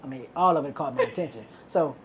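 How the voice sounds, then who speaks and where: Woman, podcast host, encouraging, affirming, low pitch, light background noise. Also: quick pace. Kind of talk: casual interview chat.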